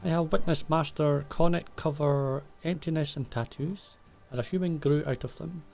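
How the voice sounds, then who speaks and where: A man's voice: fairly high pitch, vocal fry, a little mellow. A man reading game dialogue aloud as a flamboyant young woman traveller, grandiose and mystical, with flowery, theatrical phrasing.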